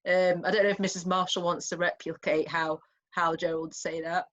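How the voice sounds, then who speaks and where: A woman with a fairly low voice explains a play to students in a relaxed revision chat. She is thoughtful and chatty, thinking aloud as she goes, and the lo-fi recording sounds dull and muffled. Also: moderate pace. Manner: thoughtful, chatty, with restarts and small laughs. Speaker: English teacher. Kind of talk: informal revision discussion.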